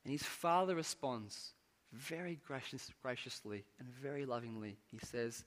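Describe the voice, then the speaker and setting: A man preaching a sermon, earnest and measured, pressing words for emphasis and letting phrase endings fall away. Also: medium pitch, a bit bright. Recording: long hall reverb.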